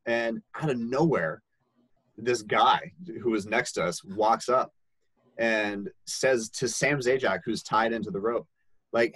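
A young man casually telling a story, lively and laughing, acting out quoted voices. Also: mid-range voice, takes it slowly, slightly rough, dry recording, poor audio.

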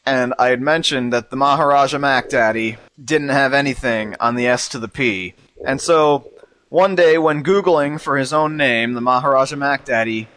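A man's voice: mid-range voice, no room sound. Guy hosting a podcast, jokey, laughs a lot, dry close mic. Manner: joking, laughs often, animated. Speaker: podcast host. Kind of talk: casual chat.

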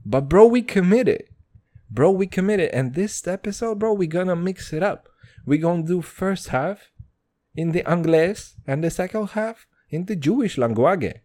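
A man's voice: sits high, expressive, moderate pace, warm tone. A man in his twenties hosting a podcast alone, talking in a profane, rambling, slang-heavy casual monologue. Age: 20s. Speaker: podcast host.

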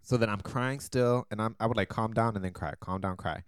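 A man's voice: fairly low pitch, a little fast, clean tone, dry recording, studio quality. Man telling a story with frequent laughs. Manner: storytelling, animated, laughs often. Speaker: podcast co-host. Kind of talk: casual chat.

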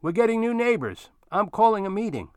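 A man's voice: sits high, big pitch swings, brisk, clear, resonant tone, no echo, clean studio sound, pitched above the performer's own voice. A man voicing a courteous, slightly curt older man who acts as unofficial mayor of his street.

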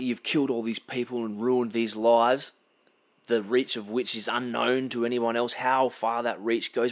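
An Australian man giving blunt, impassioned unscripted commentary, halting often and restarting his sentences. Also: medium pitch, little pitch movement.

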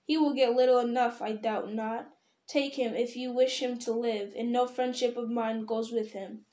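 A woman's voice: on the high side, fairly even intonation, normal speed, echoey room, natural voice. A woman reading aloud, voicing a proud, wrathful male dwarf king who raises his voice in anger. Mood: furious. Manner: loud, angry outbursts.

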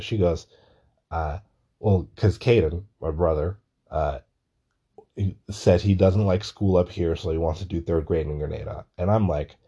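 A young man tells a story straight to his own audience. His voice is low and husky, with a dark, mellow tone, and his talk is casual and full of swearing, with bursts of laughter. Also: unhurried, highs cut off. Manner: profane, animated, laughs through a story. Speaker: vlogger.

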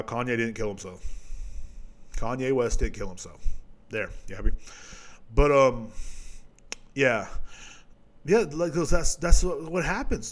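A man hosting a solo podcast, ranting casually and profanely, swinging between low mutters and loud outbursts. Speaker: podcast host.

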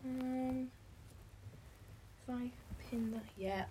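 A woman's voice: sits high, steady tone, extremely slow, dark tone, a little hiss or hum, rough recording. A woman vlogging in casual self-talk, out of breath and self-mocking, often dropping to a whisper. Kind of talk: casual self-talk while building a blanket fort.

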